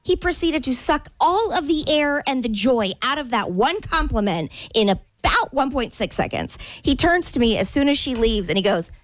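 A woman co-hosting a morning radio show, telling a story in lively casual chat and laughing often. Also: high voice, moderate pace, hardly any pauses, dry recording.

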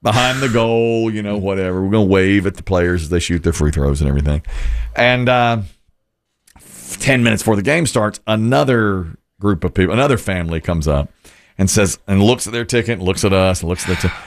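A man hosting a radio talk show, telling stories in a casual, animated way and acting out the voices of the people in them. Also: lowish voice, a little fast. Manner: animated storyteller, acts out voices in quotes. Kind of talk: casual storytelling chat.

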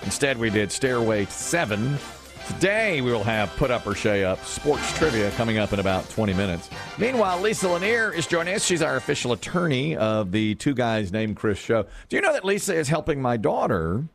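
A man's voice: medium pitch, big pitch swings, a little fast, music in the background. A middle-aged man hosting a morning radio show, chatting casually and joking with frequent laughs.

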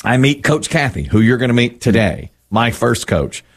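A middle-aged man co-hosting a radio show, telling a story with animated, acted-out quotes. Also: mid-range voice, normal speed. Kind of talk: casual radio banter.

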